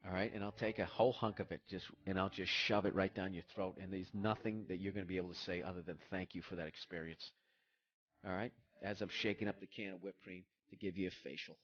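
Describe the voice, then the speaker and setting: A man with a fairly low voice talks casually about cooking. He brags and swears, with playful mock threats. The recording sounds dull and lo-fi. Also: level tone, fast, hardly any pauses. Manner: profane, boastful, mock-threatening. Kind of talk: casual chat.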